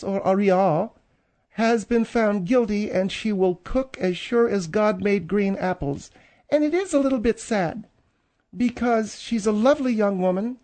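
A man's voice: high-pitched, mellow, pitched above the performer's own voice. A man doing a pompous snobbish lady co-host. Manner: pompous, affected, catty asides. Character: prissy, snobbish middle-aged woman co-host. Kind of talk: comedic talk radio banter.

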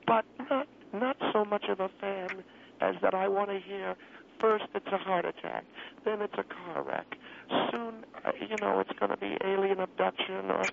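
A fussy, indignant elderly woman, put on by a man, calls in to a radio show over a thin, tinny phone line. Her voice is creaky and gravelly as she pleads and repeats herself, growing exasperated. A faint hiss sits under the call. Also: high-pitched, steady tone, moderate pace, pitched above the performer's own voice.

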